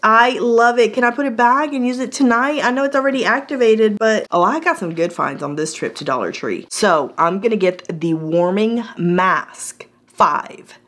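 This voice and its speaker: A woman casually reviewing store finds for her vlog, bubbly and excitable, talking chattily with laughs and gasps. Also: medium pitch, moderate pace, few pauses. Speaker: product review vlogger.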